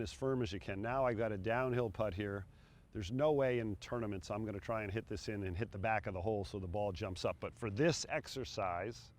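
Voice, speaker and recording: A middle-aged man coaching putting outdoors on a green, talking in a relaxed, encouraging way between putts. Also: lowish voice. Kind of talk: on-course instruction.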